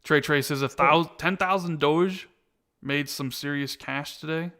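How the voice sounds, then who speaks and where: A man hosting a laid-back podcast, reading out viewer comments and answering them in an easygoing way. His voice is slightly high and very bright, with a crisp, forward edge. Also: measured pace. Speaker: podcast host reading live chat. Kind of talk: casual podcast chat.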